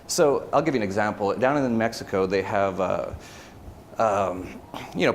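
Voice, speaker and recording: A man's voice: fairly low pitch, slight background noise. A man giving a casual conference talk, rambling with many fillers and restarts. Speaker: conference speaker. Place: conference hall.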